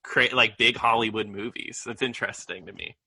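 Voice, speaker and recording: A man's voice: on the low side, brisk, sharp tone, breathy edge. A man co-hosting a movie podcast, chatting loosely with frequent laughs and lots of filler words. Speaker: podcast co-host. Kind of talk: casual movie review chat.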